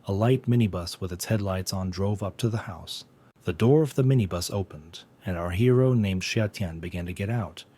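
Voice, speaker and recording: A man narrating a comic story recap in steady, plain, scripted storytelling. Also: low-pitched, normal speed.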